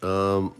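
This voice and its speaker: A man's voice: low voice, vocal fry, sharp tone. A middle-aged man hosting a casual livestream, chatting and running a trivia quiz for viewers he addresses by name. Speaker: livestream host.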